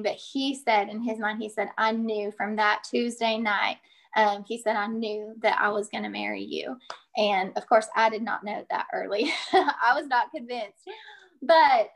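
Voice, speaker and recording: A middle-aged woman telling a personal story as an interview guest, chatty and earnest, with many fillers. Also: a little high. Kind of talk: casual storytelling.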